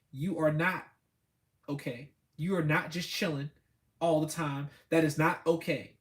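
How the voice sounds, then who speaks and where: Man, blunt motivational talk, preachy, high voice. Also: a bit bright. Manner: blunt, preachy, repeats for emphasis. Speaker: host.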